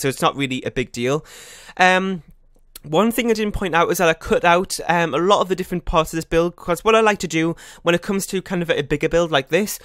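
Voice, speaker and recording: A man's voice: on the high side, a bit bright, no echo, studio quality. A man hosting a gaming channel, chatting casually over his gameplay, rambling and correcting himself as he goes. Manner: rambling, self-correcting, laughs at own slips. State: a bit out of breath.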